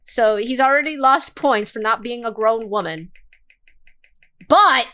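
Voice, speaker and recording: A woman's voice: on the high side, unhurried, pushed and bright, clear, resonant tone. A young woman streamer reacting to a game video in casual, sarcastic chat, swearing freely.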